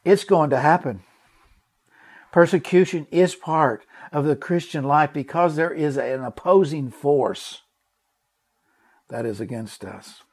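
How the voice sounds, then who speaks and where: A man's voice: on the high side, slow pace, pauses often, husky. A man preaching a sermon and telling a personal story in an earnest, emphatic way, often repeating words and asking his listeners direct questions.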